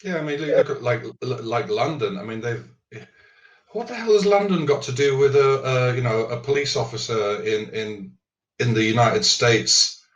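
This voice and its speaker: A man's voice: mid-range voice, expressive, normal speed. A man hosting a casual chat, talking hesitantly with restarts and fillers. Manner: hesitant, restarts and fills often. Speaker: show host. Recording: echoey muffled audio from a distant mic.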